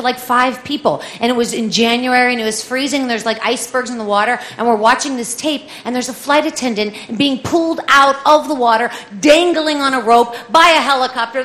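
High, bright-voiced woman telling a comic story. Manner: lively, animated, acts out voices of others. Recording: echoey room with faint ambience.

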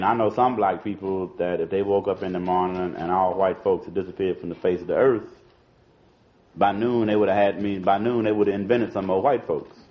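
A man giving an informal political talk to an audience, talking in a loose conversational way, repeating words and saying "you know" and "see" often. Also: low-pitched. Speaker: speaker addressing an audience. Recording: dull lo-fi archival recording.

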